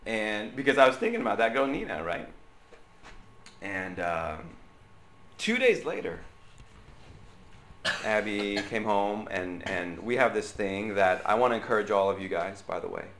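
A man's voice: fairly low pitch, a bit bright, roomy sound, a little hiss or hum. A man, a pastor, giving a chatty sermon full of stories, often checking in with the congregation by asking "right?". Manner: chatty, checks in with the crowd with tag questions. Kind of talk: conversational sermon storytelling. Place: church.

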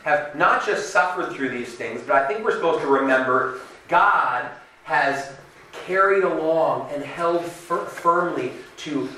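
A man preaches in a relaxed, conversational way, slipping into the voices of the people he quotes. His voice is a touch higher than most men's and clearly bright. He is heard from some distance in a large, very reverberant hall. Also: measured pace, a little hiss or hum. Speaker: pastor. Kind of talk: sermon.

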